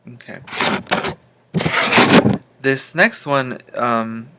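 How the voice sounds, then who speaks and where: A speech therapist records homework, giving calm, plain instructions between practice phrases he sings slowly. His voice is medium-pitched, and there's heavy background noise.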